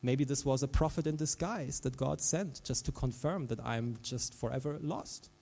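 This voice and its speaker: A man preaching a sermon as a pastor, animated, dropping to a hush and then rising to loud, emphatic lines. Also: mid-range voice, normal speed, creaky, big-room sound. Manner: animated, swings from hushed to loud.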